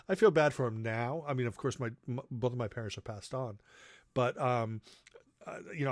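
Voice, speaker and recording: A man's voice: mid-range voice, dry recording, clean studio sound. A middle-aged man casually telling childhood stories, rambling with fillers and acting out quoted lines. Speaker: channel host. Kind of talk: casual storytelling.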